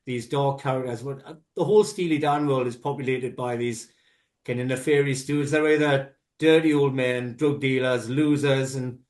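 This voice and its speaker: A man co-hosting a casual music podcast, giving long, rambling, animated explanations full of asides. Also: mid-range voice, moderate pace. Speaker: podcast co-host. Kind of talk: casual music review chat.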